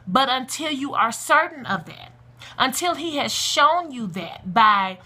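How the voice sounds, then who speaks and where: A woman speaking straight to camera in a casual video blog, handing out stern parenting advice. Her voice sits a little high, with a bright, forceful edge. She talks in an emphatic, preachy way, full of blunt vernacular asides. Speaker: parenting blogger.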